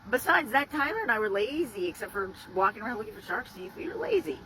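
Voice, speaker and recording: A woman's voice: fairly high pitch, very animated, fast talker, a crowd in the background, rough recording. A woman candidly recounting a frightening experience to the camera, emotional and swearing freely. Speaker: rescuer telling her story. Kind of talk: personal storytelling to camera.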